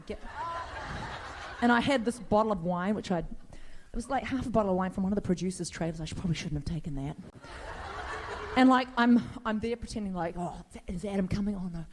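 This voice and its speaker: Animated woman telling stories on stage. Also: medium pitch, a little hiss or hum. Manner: animated, laughs often, playful rambling. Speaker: convention panel guest. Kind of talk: anecdotal storytelling on stage. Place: convention stage, indoors.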